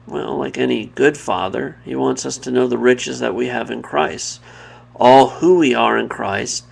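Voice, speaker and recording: A man with a heavily gravelly, fry-laden voice speaks in a personal devotional talk. His voice sits at a middling pitch. He is earnest and reflective, often pausing and restarting his thoughts. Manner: pauses and restarts mid-thought.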